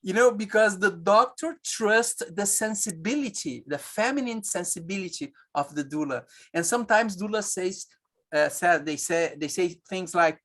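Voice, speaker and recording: A man, an obstetrician telling stories in a webinar conversation, halting and searching for English words with many restarts. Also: sits high, expressive, fairly bright tone.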